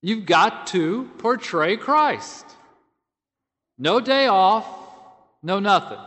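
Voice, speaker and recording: A man giving a conversational sermon as a priest, speaking slowly and deliberately with the odd filler word. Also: high-pitched, bright, forceful tone. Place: large church. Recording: echoey church hall.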